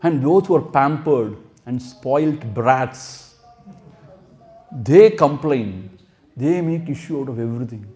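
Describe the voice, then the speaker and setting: A man's voice: mid-range voice, animated, slow pace, dark tone. A man teaching scripture as a spiritual teacher, explaining terms word by word and acting out quotes. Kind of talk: scripture lecture.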